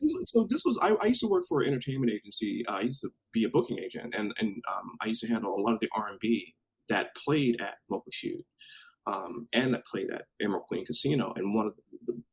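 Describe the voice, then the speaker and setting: A man from Washington State, a podcast guest, telling an animated story in a casual way with laughs and swearing. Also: on the low side, quick pace, vocal fry, slightly rough, rough recording. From Washington State, USA.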